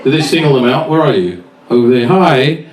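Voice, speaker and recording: On a comedy club stage, a stand-up comedian with an animated, brisk, mid-range male voice swears freely and teases the crowd during his set. The recording is echoey, the mic distant, and the audience loud.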